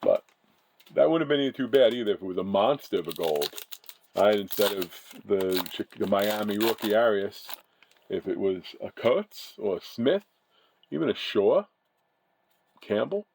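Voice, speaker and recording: A man's voice: fairly low pitch, animated, normal speed, gravelly, a little mellow, slight background noise, low-quality recording. A man casually chatting as he opens trading card packs, rambling and often correcting himself. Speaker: card-breaking channel host. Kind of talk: casual chat while opening card packs.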